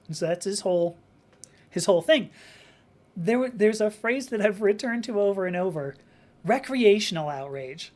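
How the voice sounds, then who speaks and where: Rambling, animated woman live-streaming. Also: mid-range voice, moderate pace. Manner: rambling, animated, with frequent restarts and acted-out quotes. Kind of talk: live-stream talk reading viewer comments.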